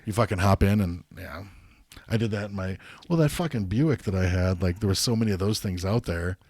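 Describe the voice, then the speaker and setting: A man co-hosting a podcast, chatting casually in a rambling, halting, profane way. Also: sits low, darkish tone, no room sound. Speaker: podcast co-host. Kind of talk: casual chat.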